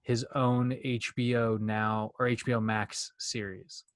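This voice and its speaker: A young man co-hosting a podcast in casual chat, talking fast and rambling, with plenty of swearing. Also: mid-range voice, level tone, clean tone, dry recording, clean studio sound. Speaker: podcast co-host.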